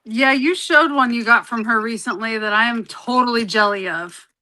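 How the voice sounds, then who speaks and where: A woman's voice: a little high, sharp tone. A woman co-hosting a casual beading livestream, playful and teasing in her remarks. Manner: playful, teasing, quick to laugh. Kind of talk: casual chat.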